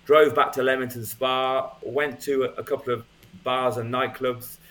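A man's voice: medium pitch, level tone, moderate pace, a bit bright. A man speaking as a guest, telling his personal testimony in a casual storytelling way, with frequent ums and restarts.

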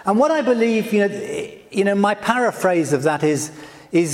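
A male preacher giving a gentle, conversational sermon, with frequent "you know" asides. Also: high-pitched, measured pace, in a large hall.

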